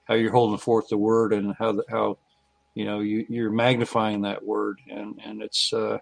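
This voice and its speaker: A man rambling warmly with many fillers in a casual online roundtable chat. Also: on the low side, completely flat delivery, normal speed, gravelly, no room sound.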